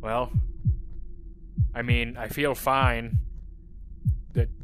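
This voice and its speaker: A young man commenting on a VR game he is playing, joking and swearing, with sudden shrieks and yells when he is chased. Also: mid-range voice, flat delivery, very slow, a little hiss or hum. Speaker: gaming streamer. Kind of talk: VR gameplay commentary.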